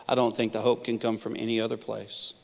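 A man's voice: fairly low pitch, monotone, a little fast, creaky, darkish tone. A middle-aged man preaching a sermon as pastor, telling stories with humor and acting out quoted lines. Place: church auditorium. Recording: long reverb of a church hall.

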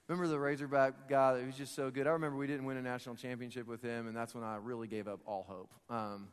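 A man's voice: mid-range voice, fairly even intonation, fast talker, clean tone. A man preaching a sermon, conversational and repetitive, rising to emphatic peaks. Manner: conversational, repeats words, rises to emphatic peaks. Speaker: pastor. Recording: reverberant hall with soft music.

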